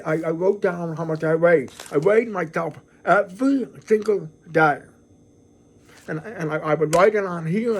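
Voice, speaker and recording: A middle-aged man with a notably high-pitched voice hosts his own vlog in a loose, casual way. He is earnest and effusive, circling back and repeating words as he talks, and his sentences keep restarting. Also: slight background noise. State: emotional, near tears. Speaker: channel host. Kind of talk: casual talking-to-camera vlog.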